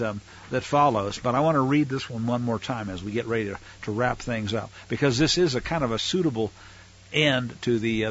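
A man's voice: medium pitch, fairly bright tone, breathy edge. A man teaching a Torah portion, reading scripture aloud with emphatic swells and then explaining it in a casual way. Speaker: Bible teacher. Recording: dull lo-fi recording.

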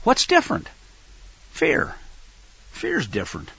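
Animated, emphatic male Bible teacher. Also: a little high, slow pace, vocal fry, slightly rough, dry recording, highs cut off. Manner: animated and emphatic, swinging from loud stresses to near-murmurs. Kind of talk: teaching sermon with scripture reading.

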